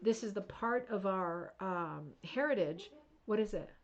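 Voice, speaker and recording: A woman's voice: medium pitch, animated, a little slow, highs cut off. A woman hosting a craft livestream, chatting casually and gushing over viewers' work. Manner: chatty and gushing, with many fillers and asides. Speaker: host of a craft show livestream.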